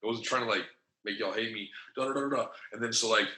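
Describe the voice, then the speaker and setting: A man's voice: lowish voice, quick pace, bright, forceful tone, roomy sound, low-quality recording. A man telling a long story in casual, profane slang, acting out the quotes as he goes. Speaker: podcast guest.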